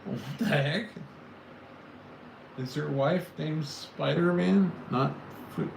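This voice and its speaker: A man's voice: on the high side, slow pace, vocal fry, a little hiss or hum. A man from California hosting a casual livestream, rambling and joking with his chat. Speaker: livestream host. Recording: echoey room with faint ambience.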